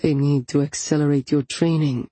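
A woman voicing a menacing male captor who speaks slowly and soothingly in a thick accent. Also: deep voice, fairly even intonation, warm tone, husky, no room sound. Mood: calm, menacing. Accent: thick foreign accent. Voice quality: slow, soothing, controlled.

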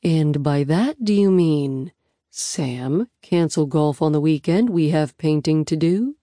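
A woman voicing a calm, patient young husband who speaks softly and reassuringly, with a light teasing edge. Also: sits low, slow pace, dry recording, clean studio sound. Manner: soft, reassuring and lightly joking.

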